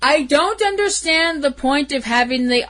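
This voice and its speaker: A woman's voice: high-pitched, expressive, normal speed, fairly bright tone. A woman co-hosting a podcast, ranting emphatically in a casual movie review chat. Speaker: podcast co-host.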